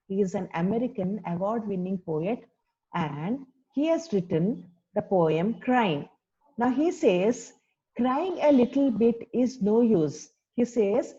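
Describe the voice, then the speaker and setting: Woman teacher, unhurried, keeps quizzing the pupils, muffled recording. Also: medium pitch, darkish tone. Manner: slow, questioning, repeats key words and asks pupils. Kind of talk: classroom lesson explaining a poem.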